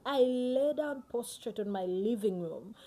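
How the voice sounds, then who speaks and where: A woman giving a personal devotional Bible teaching, earnest and emotional, often sinking to a hushed near-whisper. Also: fairly high pitch, lively intonation, unhurried.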